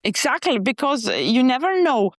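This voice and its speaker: Woman, English, hesitant with fillers, slightly high voice, dry close sound. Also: sing-song, normal speed, dry recording. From Serbia. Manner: hesitant non-native phrasing, many fillers. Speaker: guest, animal psychologist. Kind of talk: casual interview chat.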